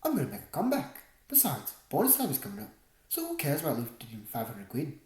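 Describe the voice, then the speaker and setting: A woman's voice: low-pitched, huge pitch swings, quick pace, dark tone, echoey room. A woman voicing a boastful Australian man, a banker full of breezy bravado. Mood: cocky. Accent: Australian, put on. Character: boastful Australian male banker, losing at poker.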